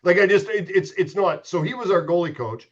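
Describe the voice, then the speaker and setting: A man's voice: high voice, fairly quick, lo-fi sound. A middle-aged man, a former hockey goalie, telling profane, laughing stories as a podcast guest. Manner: profane, laughing storyteller with frequent restarts. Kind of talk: casual storytelling chat.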